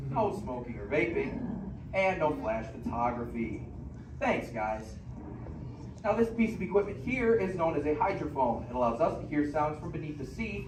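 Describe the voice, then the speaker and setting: A man working as a theme park show host, reading out the rules and warming up the audience. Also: a little high, distant mic. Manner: friendly rule-reading announcer. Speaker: theme park cast member hosting a show. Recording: echoey theater from afar with audience noise.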